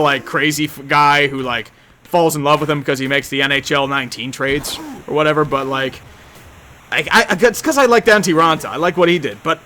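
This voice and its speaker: A man's voice: a little high, sharp tone, a little hiss or hum. A young man streaming a game, answering chat in a rambling, sarcastic, joking way. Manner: rambling, sarcastic, quick to joke. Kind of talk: casual live-stream chat over gameplay.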